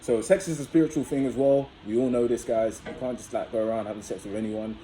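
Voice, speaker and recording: A young man with a mellow, darker voice tells a personal story straight to his viewers. His delivery is chatty and loose, full of fillers, and he keeps calling his audience "guys." The voice sits at an ordinary pitch, and a faint noise hums behind it. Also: steady tone, fast, rough recording. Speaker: vlogger. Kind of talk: casual storytelling to camera.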